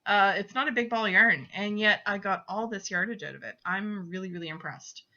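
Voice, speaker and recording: A woman's voice: medium pitch, fairly quick, bright, forceful tone. A woman hosting a casual knitting show-and-tell, chatty and giggly, often apologizing, filmed in a small cramped spot at home. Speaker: podcast host. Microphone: webcam. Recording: dull lo-fi webcam audio.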